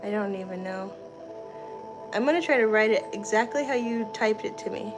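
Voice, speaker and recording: A woman's voice: mid-range voice, normal speed, rough recording. A young woman chatting casually on a livestream from her kitchen, reading viewer comments and laughing easily. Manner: chatty, giggly, reads and answers viewer comments. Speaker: livestream host. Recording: clear music in the background. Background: music playing.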